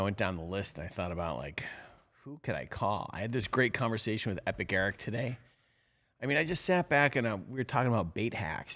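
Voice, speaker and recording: A man's voice: on the low side, a bit bright. A middle-aged man hosting a live show, talking casually in a rambling, chatty way full of fillers. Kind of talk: casual live-stream talk.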